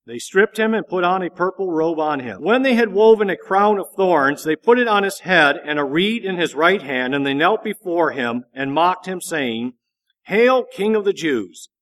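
Man reading scripture, slightly high voice. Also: lively intonation, normal speed, few pauses, fairly bright tone. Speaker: scripture reader.

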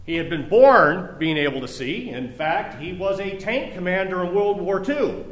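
A man's voice: high-pitched, expressive, normal speed, fairly bright tone. A man preaching a sermon as a pastor, reading scripture and then talking conversationally with joking asides. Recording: echoey room.

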